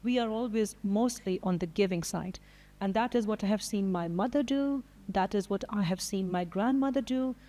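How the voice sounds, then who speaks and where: A woman moderating a panel discussion, speaking in a measured, reflective way. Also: mid-range voice, mellow. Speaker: panel host. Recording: long hall reverb.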